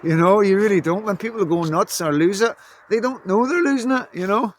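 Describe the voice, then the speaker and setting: A man's voice: high-pitched, brisk, slight background noise. A man from Belfast with a Northern Irish accent, talking casually to the camera in a vlog and rambling with lots of "you know what I mean". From Belfast, Northern Ireland. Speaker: vlogger. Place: indoors in Scotland.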